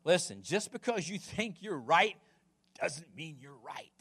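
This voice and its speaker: A male pastor preaching with a high voice that swings widely in pitch. He is emphatic, doubles back on his words, and fires questions at the listeners. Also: big pitch swings, a little slow, fairly bright tone, breathy edge. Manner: emphatic, repeats words, asks the congregation questions. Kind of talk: sermon.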